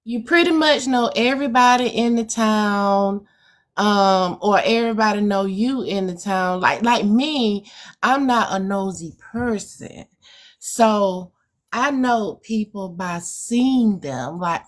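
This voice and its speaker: A woman's voice: mid-range voice, slow pace. A woman from Alabama with a rural Alabama accent, a guest poet talking through her answers in a reflective way with many hesitant fillers. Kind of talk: casual interview chat.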